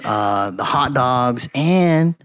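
A man's voice: mid-range voice, expressive, drawn-out words, fairly bright tone, clear, resonant tone. A man, a podcast guest, chatting casually and telling long stories, often adding "man" and "you know". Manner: rambling storyteller, peppers talk with "man" and "you know".

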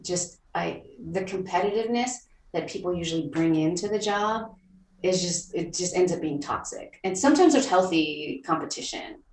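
Woman TV writer, interview guest, lower voice, reflective, slightly distant mic in an echoey room. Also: animated, moderate pace. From Vietnam, raised in Texas. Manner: thoughtful, many restarts and fillers. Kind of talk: conversational interview. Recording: roomy, a little off-mic.

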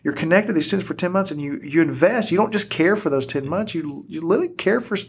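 Guy telling teacher stories on a podcast, husky voice, acts out what people said. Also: fairly high pitch, fast. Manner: animated storyteller, acts out quoted voices. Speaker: podcast guest, elementary school teacher. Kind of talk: casual conversation. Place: indoor podcast studio at a table.

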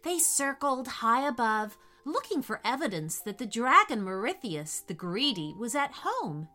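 A woman narrating a bedtime storybook in a slow, soothing, expressive way. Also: a little high.

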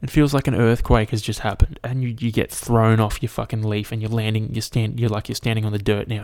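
A man's voice: lowish voice, level tone, fairly quick, creaky, few pauses, a little mellow. A young man hosting a solo podcast, talking casually with lots of swearing and fillers. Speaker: podcast host. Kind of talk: solo podcast rant and storytelling.

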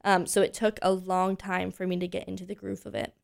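A woman in her twenties, a voice teacher from Pennsylvania, chatting as an interview guest and telling animated stories full of fillers. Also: fairly low pitch, fairly quick, creaky. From Pennsylvania, USA. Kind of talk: casual interview chat.

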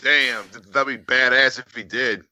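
A man's voice: medium pitch, fairly even intonation, moderate pace, bright, forceful tone. A man chiming into a podcast chat with crude jokes. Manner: crude, joking.

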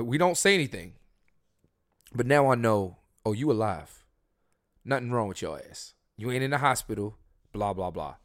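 A man hosting a podcast, telling his dating stories in a casual, profane way and swinging between loud and soft. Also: lowish voice, no echo, clean studio sound. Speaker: podcast host. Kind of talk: casual storytelling chat.

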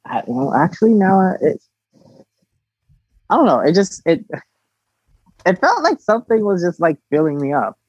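A husky-voiced man in his twenties talks frankly as an interview guest, giggling and often restarting his sentences. The sound is dry and close, but slightly dull and lo-fi. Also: high voice, very animated, moderate pace, pauses often, darkish tone, no room sound. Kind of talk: candid casual interview.

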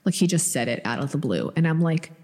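A middle-aged woman co-hosting a podcast, telling a personal story in a lively, casual way. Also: low voice, quick pace, long reverb tail. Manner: animated storyteller, acts out quoted voices. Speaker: podcast co-host.

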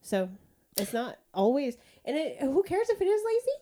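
A woman with a soft voice, chiming in on a podcast chat with teasing, giggly remarks. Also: high-pitched, sing-song, normal speed. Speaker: guest co-host.

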